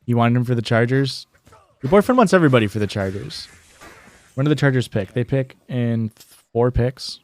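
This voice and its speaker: A young man with a medium-pitched, expressive voice talks briskly on a dry recording. He's streaming and chatting casually while gaming, telling rambling stories. His speech is full of "like"s, fillers, and restarts.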